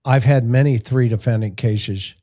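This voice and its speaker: Older guy, ex homicide cop, warm low tone, acts out the voices in his stories. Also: moderate pace. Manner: storytelling, acts out quoted voices. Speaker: retired homicide detective. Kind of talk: casual panel discussion.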